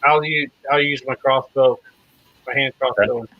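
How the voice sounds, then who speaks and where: A man's voice: mid-range voice, fairly even intonation, a little slow. A man playing a tabletop game, casual and hesitant with fillers. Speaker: player. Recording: dull lo-fi sound.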